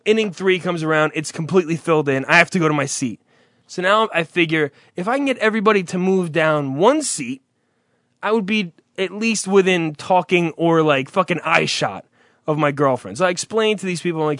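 A man's voice: fairly high pitch, a bit bright, no room sound, studio quality. A man in casual chat, ranting through a story with lots of swearing and exasperation.

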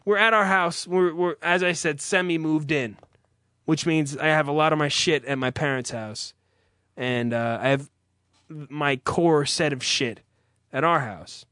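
A man's voice: a little high, a little slow, bright, forceful tone, smooth, no echo, studio quality. A young man hosting a podcast, ranting in an irritated, profane, unscripted way, then reading an ad. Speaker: podcast host. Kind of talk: profane rant and ad read.

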